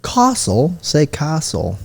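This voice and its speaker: A man's voice: fairly high pitch, wildly swooping pitch, slow, gravelly, husky. A man co-hosting a casual podcast, teasing and needling his co-host and laughing at his own jokes. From Filipino family background. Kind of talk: casual banter.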